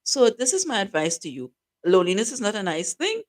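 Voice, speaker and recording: A woman's voice: medium pitch, big pitch swings, a little fast. A woman co-hosting a talk show, giving casual advice and teasing her co-host, laughing often.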